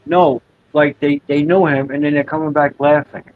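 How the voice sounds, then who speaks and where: A man's voice: a little high, flat delivery, normal speed, no echo. A middle-aged man with a dad's viewpoint, agreeing readily and telling stories in casual chat. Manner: agreeable, backs up the other speaker, tells anecdotes. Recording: dry, dull lo-fi sound.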